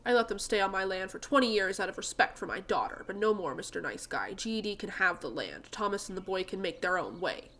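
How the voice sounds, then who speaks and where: A woman voicing a gruff, grieving old male farmer in a game, speaking loudly and curtly. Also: medium pitch, expressive, brisk, few pauses, soft background music. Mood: bitter. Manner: loud and curt. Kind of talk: reading game dialogue aloud.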